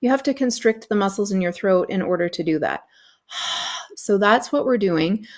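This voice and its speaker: Woman guiding a slow breathing practice. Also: mid-range voice. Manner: calm, slow, instructive. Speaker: host and yoga instructor. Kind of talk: guided breathing instruction.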